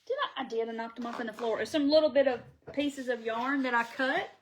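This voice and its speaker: A woman's voice: a little high, steady tone, brisk, a crowd in the background. Chatty woman gushing over fabric. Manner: chatty and gushing, talks to viewers by name, laughs often. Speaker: craft channel host. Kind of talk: casual live-stream chat.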